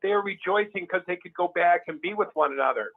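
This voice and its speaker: A man's voice: high-pitched, quick pace, gravelly. Heated man on a tinny phone line. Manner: emphatic, heated, many restarts. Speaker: guest. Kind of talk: casual conversation.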